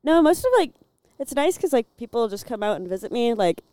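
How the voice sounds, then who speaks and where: Sing-song and fairly high-pitched yet dark in tone, this woman talks briskly, with no room sound. She's a Midwestern bar door worker in her twenties from Illinois, a chatty podcast guest who swears freely and fills her stories with "like".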